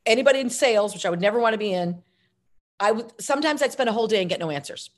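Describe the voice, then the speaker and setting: A middle-aged actress and filmmaker telling stories as an interview guest, lively and self-mocking, jumping between tangents. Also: female voice, fairly high pitch, racing, a little hiss or hum. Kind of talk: casual interview storytelling.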